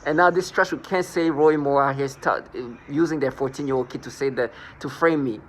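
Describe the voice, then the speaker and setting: A man's voice: mid-range voice, steady tone, fairly quick, slight background noise. A man rambling through a scornful personal monologue, restarting and repeating words as he goes. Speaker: vlogger.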